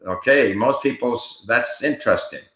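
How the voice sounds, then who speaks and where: A man hosting a casual live Q&A, reading viewer questions aloud and answering them in a relaxed, explanatory way while he thinks aloud. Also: medium pitch, moderate pace, reverberant, rough recording.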